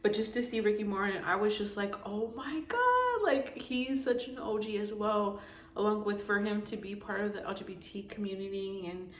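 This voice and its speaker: A woman's voice: medium pitch, flat delivery, fairly quick. A young woman vlogger giving a casual, heartfelt, rambling review with lots of fillers. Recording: echoey room with faint background noise.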